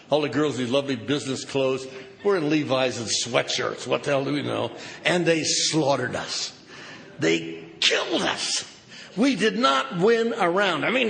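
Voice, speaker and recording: An older man speaking at a recovery conference, telling a wry story that swings from loud outbursts to hushed asides. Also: mid-range voice, vocal fry. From Southern California. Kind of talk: recovery meeting talk with humor. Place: large conference hall. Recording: reverberant hall, noisy live recording.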